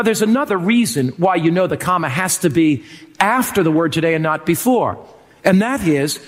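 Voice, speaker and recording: A man preaching a sermon as pastor, emphatic, with slow drawn-out lines and quick stretches. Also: high-pitched, big-room sound. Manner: emphatic preaching, swinging between slow drawn-out and fast delivery.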